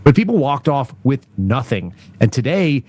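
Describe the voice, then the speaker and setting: A man's voice: mid-range voice, big pitch swings, moderate pace, darkish tone. A man in his forties, a guest on a talk show, rambling along casually with frequent laughs and "like" fillers. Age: 40s.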